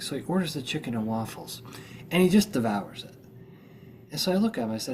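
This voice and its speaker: A man's voice: on the high side, expressive, fast talker, a little mellow, slight background noise. A middle-aged American man hosting a podcast in casual chat, groggy from just waking up, rambling and chatty with many restarts. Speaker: podcast host.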